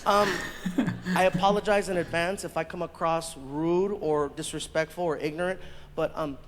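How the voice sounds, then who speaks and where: A man doing stand-up, telling a story with lively voices for the people in it and laughing as he goes. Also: fairly high pitch, moderate pace. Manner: animated storyteller acting out others' voices, laughing. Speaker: stand-up comedian. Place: live comedy stage. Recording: live show played back in a hall, audience noise.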